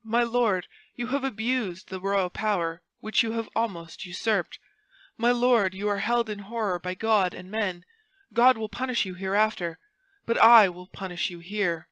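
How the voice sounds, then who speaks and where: A woman's voice: a little high, normal speed, fairly bright tone, no room sound, pitched above the performer's own voice, lightly acted. A woman voicing a fervent young male officer who pleads insistently and grows impassioned. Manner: impassioned, insistent, rising intensity.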